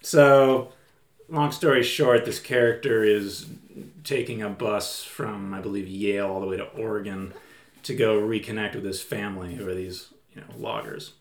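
A man's voice: fairly low pitch, fairly even intonation, normal speed. A man who is a podcast guest, chatting casually and rambling with frequent restarts. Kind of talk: casual chat. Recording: roomy echo.

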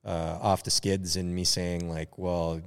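A man's voice: sits low, flat delivery, a little slow, vocal fry, clean tone. A man co-hosting a podcast, talking reflectively in casual chat and searching for words with many fillers. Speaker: podcast co-host.

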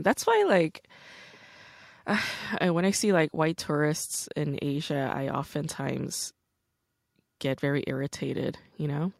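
A woman's voice: deep voice, takes it slowly, vocal fry, dry recording, studio quality. A woman hosting a casual conversation, telling stories candidly and animatedly with lots of "like". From United States. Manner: candid, animated storytelling with frequent "like".

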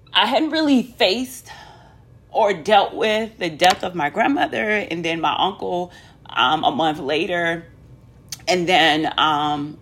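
Woman, casual personal vlog, candid, chatty, filler-heavy, somewhat low voice. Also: fairly bright tone. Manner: candid and chatty, many ums, addresses viewers as y'all. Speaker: vlogger.

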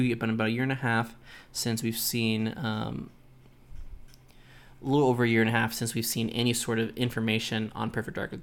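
A man's voice: mid-range voice, a bit bright, smooth. A man hosting a podcast alone, speculating in a casual, loose way. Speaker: podcast host. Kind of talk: solo podcast commentary.

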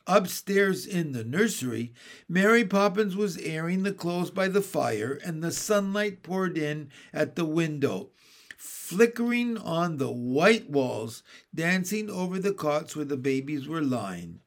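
Slow animated storybook narrator, man. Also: on the high side. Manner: expressive and animated. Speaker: audiobook reader. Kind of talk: storybook reading.

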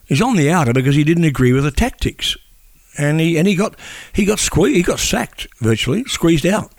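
A man's voice: fairly high pitch, expressive, a little fast, dry recording. An older man, a veteran journalist talking in casual chat and often repeating words as he thinks.

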